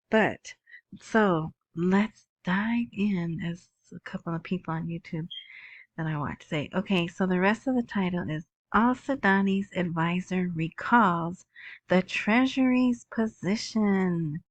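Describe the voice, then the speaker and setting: A woman's voice: fairly low pitch, slow pace, dry recording. A middle-aged woman hosting her own podcast, rambling casually with lots of fillers and asides. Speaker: podcast host. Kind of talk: casual solo podcast monologue.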